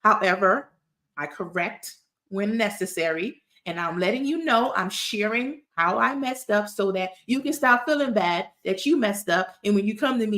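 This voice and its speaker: A woman's voice: a little high, animated, moderate pace, fairly bright tone. A woman talks through business advice in a casual, chatty way. She is emphatic and loves a storytelling aside, leaning on key points to drive them home. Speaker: tax resolution expert. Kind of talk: casual advice talk to camera.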